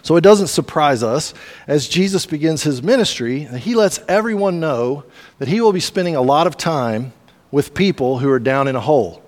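A pastor delivering a sermon in a conversational, storytelling way with casual asides. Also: male voice, on the high side, expressive, moderate pace, a little mellow, in a large hall.

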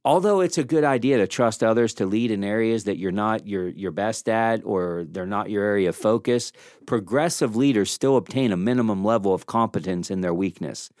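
A man hosting a leadership podcast, telling stories in an animated, self-deprecating way and acting out the lines he quotes, on a studio microphone. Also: on the low side, normal speed, dry recording. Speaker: podcast host. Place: small studio room.

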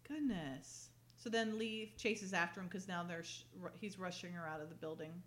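A woman casually recapping a TV episode with a friend, chatty and quick to laugh, often acting out the characters' lines. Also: lowish voice, fairly bright tone. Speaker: podcast co-host recapping a TV episode. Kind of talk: casual chat.

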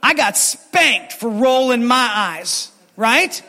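A man delivers a sermon as lead pastor, his voice high for a man. He tells stories with animated energy. The sound carries a long reverb, as in a church hall. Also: takes it slowly. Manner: animated, storytelling with acted quotes.

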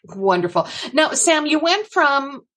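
A woman's voice: high voice, big pitch swings, unhurried, fairly bright tone. A woman co-hosting a podcast, asking curious, encouraging questions in a casual interview. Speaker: podcast co-host.

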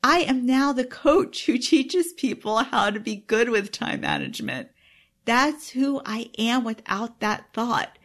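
Earnest, emotional woman coach, higher voice. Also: big pitch swings, a little slow, a bit bright. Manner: earnest and openly emotional, exclaiming. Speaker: time management coach; parent. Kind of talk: self-help teaching monologue.

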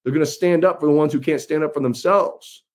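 Here a male candidate rallies his followers, folksy and forceful, leaning on repeated phrases. He talks a little fast in a slightly high voice.

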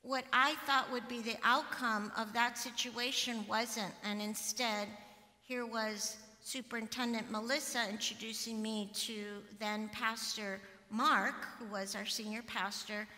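A middle-aged woman pastor giving a sermon, telling a personal story in a conversational, animated way. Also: fairly high pitch, a little slow. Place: church sanctuary. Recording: long hall reverb from a church.

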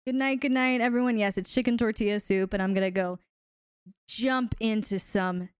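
A woman's voice: mid-range voice, steady tone, moderate pace, smooth, no room sound, clean studio sound. A woman hosting a live stream who wraps up casually, teasing viewers and answering chat with plenty of laughter. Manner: playful and teasing, laughs often. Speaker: host and relationship coach.

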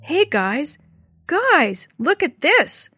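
A woman's voice: mid-range voice, animated, brisk, fairly bright tone, no room sound, studio quality. A woman reading as a curious, joking boy. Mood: eager.

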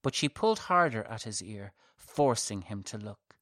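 A man reading his own dark fantasy story aloud in a measured, softly dramatic narration. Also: on the low side, no room sound, clean studio sound.

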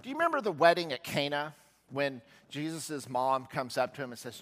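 A man's voice: very animated, brisk. A male pastor preaching a sermon, telling a Bible story and voicing its characters as he goes. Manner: storytelling, voicing quoted figures with shifts in pitch and loudness. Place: church sanctuary. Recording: long church reverb.

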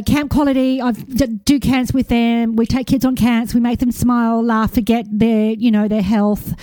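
A woman's voice: a little high, warm tone, no echo, studio quality. An Australian woman in her forties hosting a podcast, talking in a rambling, emotional, self-correcting way, a bit hyper after a walk. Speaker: podcast host. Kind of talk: casual monologue.

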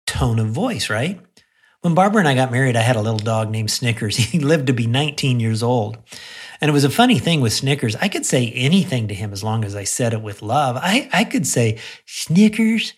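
Husky guy pastor doing a radio sermon, earnest, chatty, mid pitch. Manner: earnest and conversational, leading a prayer.

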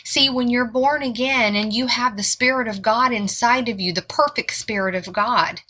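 A woman's voice: on the high side, normal speed, background noise. A woman giving an informal sermon, earnest and repeating words for emphasis. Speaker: Bible teacher.

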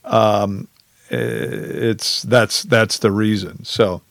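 A man's voice: lowish voice, very animated, very slow, gravelly, a bit bright, no echo. A man hosting a podcast over a video call, chatting in a joking, self-deprecating way with many restarts, then reading a story aloud. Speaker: podcast host.

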